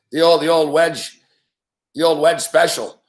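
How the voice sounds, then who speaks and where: A man's voice: fairly high pitch, echoey room. A man hosting a sports betting show live, ranting in a casual, profane, rambling way and laughing often. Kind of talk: casual live-stream rant.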